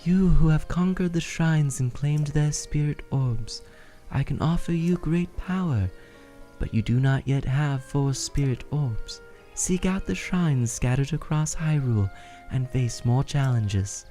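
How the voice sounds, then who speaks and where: A man voicing a solemn ancient monk, speaking in a measured, formal way. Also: on the high side, expressive, warm tone, soft background music, pitched above the performer's own voice.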